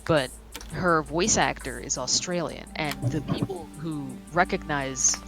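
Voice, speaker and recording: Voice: mid-range voice, a little slow, music in the background. A gamer chatting casually and self-deprecatingly about accents. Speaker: gamer in voice chat. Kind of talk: casual chat.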